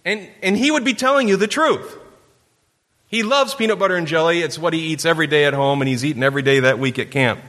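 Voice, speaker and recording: A man delivering a sermon in a church sanctuary, with a bright, forceful voice and a slightly high pitch. He tells his story with playful energy, putting on kids' voices. His words ring out with a long hall reverb behind them. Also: fast. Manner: storytelling with playful camper impressions. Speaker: pastor.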